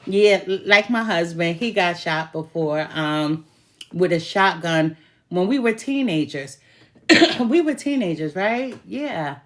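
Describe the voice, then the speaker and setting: Lady tarot reader just chatting to the camera, kinda low voice, laughs a lot and swears some. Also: animated, slow. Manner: chatty, laughing, swears while telling stories. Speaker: tarot reader calling herself a good witch. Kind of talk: casual talk to camera.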